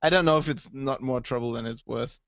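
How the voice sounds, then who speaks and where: A man's voice: medium pitch, brisk, dry recording. Man telling stories on a dull recording. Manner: animated storyteller, acts out quoted people, swears. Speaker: podcast co-host. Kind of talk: casual tech podcast chat. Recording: dull, dry lo-fi sound.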